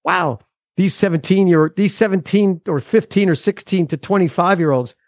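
A man's voice: high-pitched, moderate pace, no room sound, clean studio sound. A man in his forties, a musician guest on a podcast, talking casually in a rambling, earnest way with frequent restarts.

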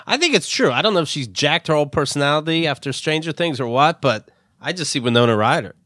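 A man's voice: on the high side, lively intonation, quick pace, bright, forceful tone, no echo, studio quality. A man co-hosting a podcast in casual chat, blunt, sarcastic and swearing freely. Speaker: podcast co-host.

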